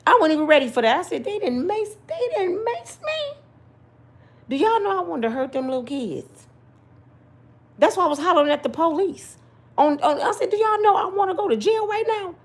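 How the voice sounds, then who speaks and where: A middle-aged woman, a mother and grandmother, giving blunt, scolding opinions and personal stories straight to her viewers. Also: medium pitch. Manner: emphatic and repetitive, talks straight to viewers. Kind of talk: casual story time commentary.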